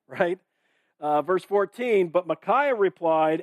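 Preaching in a high-sitting, animated voice at a slightly slow pace, this pastor reads scripture aloud and comments on it in a relaxed, chatty manner. The recording has no echo; he leans on fillers, restarts, and frequent "right?" and "okay?" check-ins.

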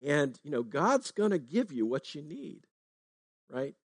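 Pastor, male, slightly high voice, relaxed talky sermon delivery, dry recording. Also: unhurried, no echo. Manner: conversational preaching, frequent "right?" tags.

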